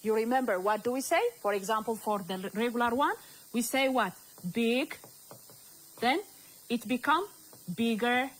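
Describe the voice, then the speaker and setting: A woman's voice: fairly high pitch, measured pace, low-quality recording. A woman from Ethiopia teaching a recorded grammar lesson, repeating words and asking the class questions as she goes.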